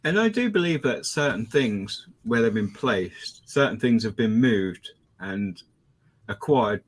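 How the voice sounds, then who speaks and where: A man's voice: medium pitch, lively intonation, measured pace. A man co-hosting a podcast, chatting casually and speculatively about mysteries, often hedging his points. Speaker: podcast co-host. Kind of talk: casual conspiracy chat.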